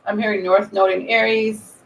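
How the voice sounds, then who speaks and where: A woman giving a live tarot reading, rambling and thinking aloud with many pauses and ums. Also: medium pitch, level tone. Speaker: tarot reader. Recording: roomy echo.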